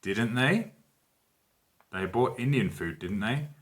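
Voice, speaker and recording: Bright-voiced male teacher. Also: on the low side, normal speed. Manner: clear, emphatic example sentences, counting down answers. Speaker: English teacher. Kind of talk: online grammar lesson.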